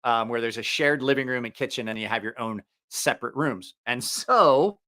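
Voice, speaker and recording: A man's voice: mid-range voice, animated, normal speed, sharp tone. A man hosting a live stream, telling a rambling, profane story in a casual way and laughing at his own jokes.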